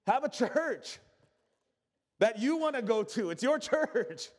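A man's voice: very high-pitched, big pitch swings, takes it slowly, darkish tone. A man, a pastor, preaching a sermon with emphatic repetition and call-and-response to his congregation. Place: church sanctuary. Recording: echoey church hall.

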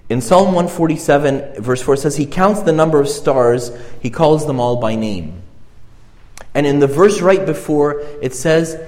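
A man's voice: medium pitch, darkish tone. Earnest man preaching in a reverberant hall. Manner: earnest, halting, repeats and restarts phrases. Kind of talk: conversational sermon.

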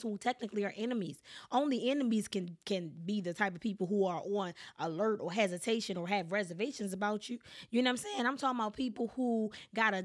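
A woman's voice: medium pitch, dry recording, clean studio sound. A woman giving a motivational talk on friendship. She is emphatic and casual, repeats phrases for effect and often checks in with "right?". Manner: casual speech with African American English features. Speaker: speaker giving life advice.

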